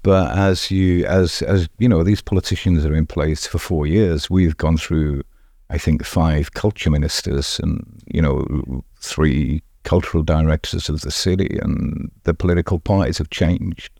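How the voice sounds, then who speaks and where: Middle-aged man, festival founder, very low mellow voice, dry close sound, emphatic with restarts. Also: a little slow, gravelly, dry recording. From England. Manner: emphatic, repeats words when restarting. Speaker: street art festival founder. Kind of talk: podcast interview answers.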